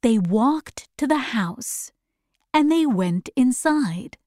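Very slow, clear woman storyteller. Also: a little high, no room sound, clean studio sound. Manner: very slow, clear, even reading. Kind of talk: slow read-aloud for learners.

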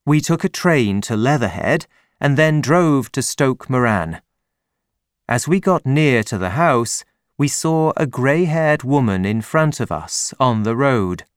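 Male storyteller, slow, lively pitch, dry close mic. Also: smooth, no room sound. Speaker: audiobook narrator. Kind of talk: scripted narration.

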